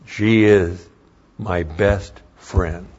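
A man's voice: sits low, steady tone, very slow, a little mellow, slightly rough. An older man preaching a sermon as a pastor, moving between folksy storytelling and emphatic preaching. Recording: dull lo-fi sermon recording.

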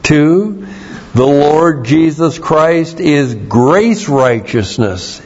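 A man preaching a Bible teaching sermon, explaining Greek words slowly and spelling them out letter by letter. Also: fairly high pitch, lively intonation, darkish tone, slightly rough. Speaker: pastor. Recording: dull lo-fi sermon recording.

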